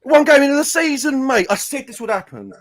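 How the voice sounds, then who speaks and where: A man's voice: extremely high pitch, fairly quick, a little hiss or hum. A man ranting heatedly on a fan podcast panel. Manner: animated, ranting, slips into mimicking quotes.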